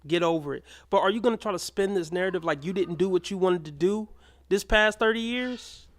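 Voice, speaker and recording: A man's voice: high-pitched, brisk, fairly bright tone. A man giving blunt, mocking commentary as he reacts to clips. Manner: blunt, mocking, swears freely.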